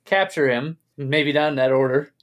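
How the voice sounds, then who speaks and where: A man's voice: on the high side, moderate pace. A man narrating as game master of a tabletop role-play podcast, laid-back, with many filler words and chuckles.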